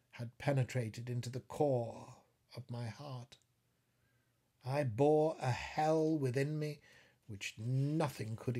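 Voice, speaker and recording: A middle-aged man reads a classic novel in a grave, deliberate manner. He takes it slowly and sometimes rises to a fierce declamation. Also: mid-range voice, dark tone. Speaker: audiobook narrator. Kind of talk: dramatic literary reading.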